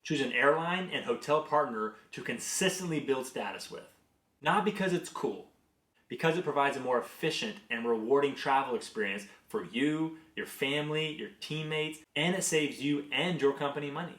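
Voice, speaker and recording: A man's voice: a little high, moderate pace. A man in his thirties, a business executive, sharing career lessons through earnest, conversational personal stories. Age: 30s. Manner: conversational, earnest, animated in anecdotes. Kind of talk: reflective personal storytelling and advice. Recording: roomy echo.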